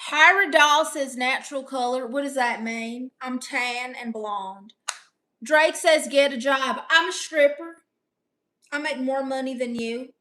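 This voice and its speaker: Sassy high bright-voiced woman streamer. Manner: sassy, brash, quick comebacks. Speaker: live-stream comedian. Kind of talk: live stream reading and answering chat.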